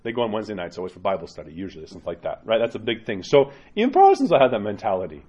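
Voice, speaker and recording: This Orthodox priest's homily is informal and direct, his low, husky, darkish voice racing along with big swings in pitch over lo-fi audio. Tag questions end many of his points, and he performs the lines of parishioners he quotes.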